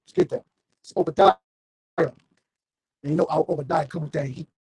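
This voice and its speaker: Fiery gravelly man preaching. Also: a little high, brisk, darkish tone, no echo. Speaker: street preacher. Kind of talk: street sermon with scripture reading.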